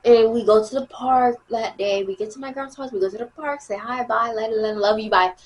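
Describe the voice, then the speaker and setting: A woman's voice: on the high side, a little fast, slight background noise. A teenage girl telling a story in a casual, slangy way, repeating herself and acting out what people said. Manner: animated, slangy, repeats herself, acts out quotes. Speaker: storyteller vlogger.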